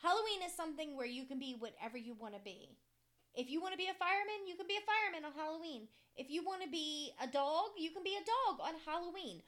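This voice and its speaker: A woman in her forties with a high voice, chatting casually as a co-host. She states her opinions bluntly and swears without hesitation. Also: lively intonation, fast talker, fairly bright tone. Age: 40s. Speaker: podcast co-host. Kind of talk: casual chat.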